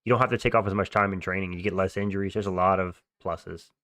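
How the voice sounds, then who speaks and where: A man's voice: deep voice, fairly even intonation, fast talker, fairly bright tone, dry recording. A young man hosting a livestream, chatting casually and answering viewer comments in slangy, offhand talk. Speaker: livestream host.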